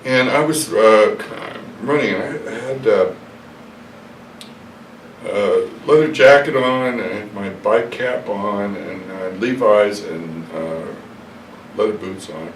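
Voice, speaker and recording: An older man with a low voice takes his time telling long stories from his past during an interview in a hotel room, rambling, hesitating, using many fillers, and correcting himself. The mic is distant, the room echoey, with a faint hiss underneath.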